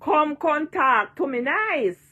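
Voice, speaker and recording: A woman's voice: high-pitched, sing-song, slow pace, sharp tone, muffled recording. A woman in her sixties with a Jamaican accent, ranting and taunting in a vlog, repeating her jeers and cursing freely. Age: 60s. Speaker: online personality.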